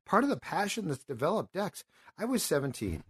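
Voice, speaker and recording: A man's voice: high voice, very animated, a little fast, a bit bright, slightly rough. Man, 50s, sports talk host, rambling, impassioned, emotional storytelling.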